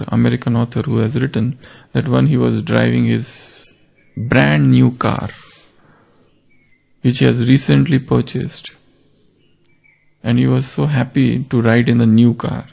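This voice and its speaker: A man delivers a spiritual class in a gravelly voice, unhurried and fond of stories. He leans on repeated key words to drive points home. The recording sounds dull and lo-fi. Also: medium pitch. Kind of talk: spiritual talk.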